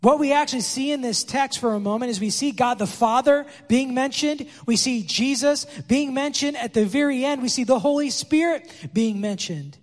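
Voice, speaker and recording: A man's voice: very high-pitched, normal speed, few pauses. A pastor preaching a conversational sermon, acting out quoted dialogue as he explains the text. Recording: long hall reverb.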